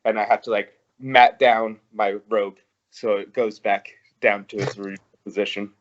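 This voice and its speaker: A man's voice: lowish voice, level tone, moderate pace, slight background noise. A man casually describing his character in a tabletop game, heard through a dull lo-fi recording. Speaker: player.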